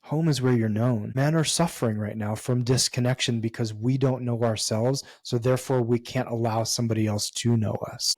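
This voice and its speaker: A man's voice: mid-range voice, darkish tone, no echo. A man as a podcast guest, talking in an earnest, emphatic way with casual swearing. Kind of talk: candid conversational interview.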